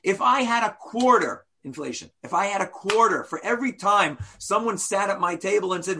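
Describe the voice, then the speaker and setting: A man teaching a class as a rabbi, animated, full of rhetorical questions and playful asides. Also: high voice, a little fast, vocal fry, few pauses, slight background noise.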